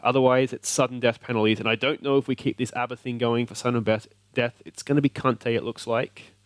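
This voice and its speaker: A man with an Australian accent hosting a let's play, giving excited commentary and cheering at the screen. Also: medium pitch, brisk, dry recording. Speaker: video game let's play host.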